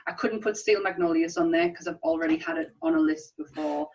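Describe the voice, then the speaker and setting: A lively woman chatting as a podcast co-host, often laughing and tripping over her own sentences as she goes. Her voice sits a little back from the mic, and the recording sounds muffled and lo-fi. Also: lowish voice, a little fast, gravelly. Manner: animated, laughs often, restarts a lot. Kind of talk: casual chat. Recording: distant, dull lo-fi sound.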